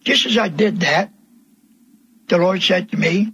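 An older man preaching a sermon, telling his testimony slowly and emphatically, with voice rising into cries. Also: sits high, gravelly, fairly bright tone, breathy edge, rough recording. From Pennsylvania, USA.

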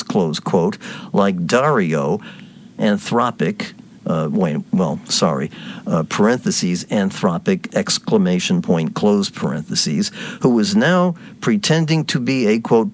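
Sarcastic male commentator, lively pitch. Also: measured pace. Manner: sarcastic, mocking. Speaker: political commentator. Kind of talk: commentary, reading posts aloud.

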